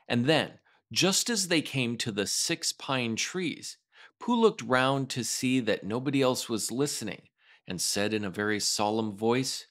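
A man reading a children's storybook aloud in an expressive, animated way, as the show's regular storyteller. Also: medium pitch, unhurried.

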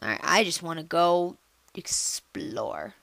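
A woman giving casual let's-play commentary on a computer game, chatty and excitable, jumping into squealy high bursts. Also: takes it slowly, creaky, no room sound. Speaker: gameplay commentator.

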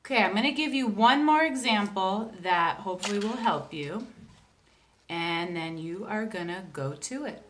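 A woman's voice: medium pitch, animated, fairly bright tone, slight background noise. A woman teacher giving a recorded lesson, talking patiently and counting out syllables step by step. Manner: slow, patient, spells out syllables.

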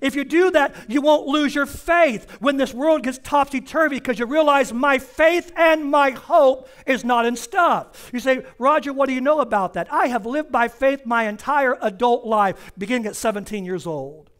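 A male pastor preaching a sermon in a church, driving points home with repeated phrases and slowing down to stress key words. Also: very high voice, a bit bright. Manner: emphatic repetition, slows down for stress. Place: church sanctuary.

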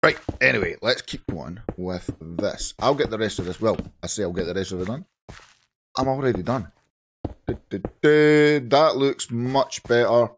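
Scottish guy w a wrecked hoarse throat, lowish voice, just chatting thru a minecraft session. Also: moderate pace, background noise. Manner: chatty, talks to viewers while playing. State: hoarse from shouting. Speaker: gaming channel host. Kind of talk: casual Minecraft let's play commentary.

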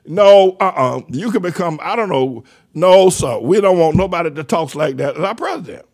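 A man's voice: high-pitched, lively intonation, moderate pace, darkish tone. An older man hosting a talk show, delivering rambling, mocking political commentary that trails off and restarts mid-sentence. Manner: mocking, sardonic. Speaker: radio show host.

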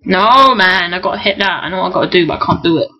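A young man, excitably commentating his own gameplay, often swearing and shouting at the game. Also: sits high, fast, lo-fi sound. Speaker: gamer.

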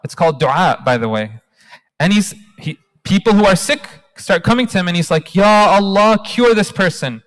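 A man in his thirties tells a religious story to a hall audience in an animated, engaging way. His voice sits high for a man. A long reverb follows him through the large hall. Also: moderate pace. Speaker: guest speaker. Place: large hall at a community talk night.

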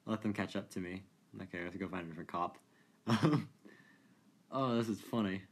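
A man giving casual, amused commentary while playing a racing game, chatty and quick to laugh. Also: deep voice, breathy edge. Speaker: gaming video creator.

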